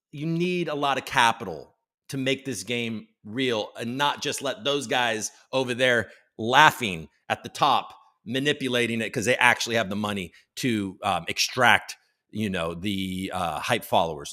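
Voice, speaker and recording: A man's voice: mid-range voice, fairly bright tone. A man hosting a live crypto show, ranting in a profane, rambling way and mocking others in put-on voices. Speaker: livestream host.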